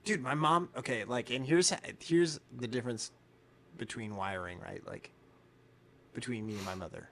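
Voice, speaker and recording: Man, podcast co-host, bright voice, animated storyteller, acts out quotes, swears a lot. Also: mid-range voice, moderate pace. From United States. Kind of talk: casual chat.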